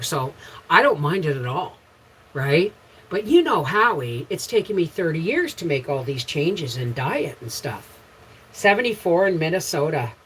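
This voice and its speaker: A middle-aged Canadian woman with a low, sing-song voice talks at a moderate pace on a low-quality recording with slight background noise. As a homesteading livestream host, she chats casually with viewers from home about her day and greets them by name.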